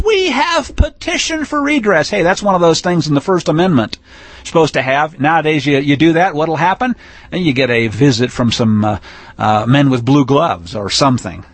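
A man preaching a teaching sermon in a folksy, emphatic way, rising to forceful declarations. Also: high voice, husky, no echo.

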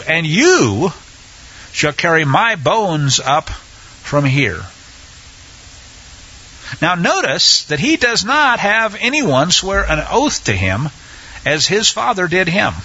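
A man teaching a Bible study in a conversational way, often pausing with fillers and restarting his sentences. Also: a little high, sharp tone, husky, lo-fi sound.

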